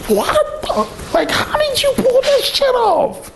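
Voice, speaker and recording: A man voicing his stunned brother, yelping in disbelief in a much higher voice. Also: wildly swooping pitch, takes it slowly, creaky, a little hiss or hum, exaggerated voice. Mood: disbelieving.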